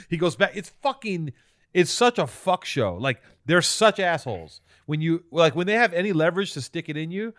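A man's voice: a little high, lively intonation, normal speed, fairly bright tone. Profane, rambling male podcast co-host. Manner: rambling, profane storytelling with many restarts. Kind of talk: casual chat.

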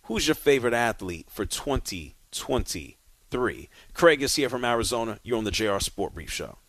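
A man hosting a sports talk radio show, speaking casually and directly and moving callers along briskly. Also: medium pitch, lively intonation, fairly bright tone, no room sound.

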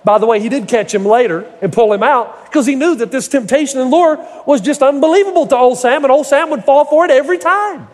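A man's voice: very high-pitched, fairly quick, hardly any pauses. A middle-aged male pastor preaching a sermon, telling folksy stories with humor and building to emphatic points. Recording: echoey hall reverb.

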